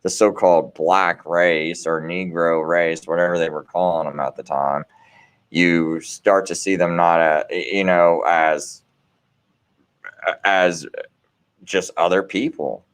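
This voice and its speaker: A man's voice: low voice, steady tone, slow pace, clear, resonant tone. A man hosting a late-night show, talking in a casual, rambling monologue full of restarts and "you know"s, with an earnest, preachy bent.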